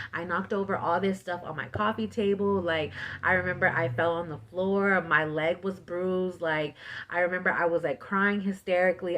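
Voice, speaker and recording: Chatty woman telling a spooky story. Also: lowish voice. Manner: filler-heavy, animated retelling with "like". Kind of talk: casual storytime vlog.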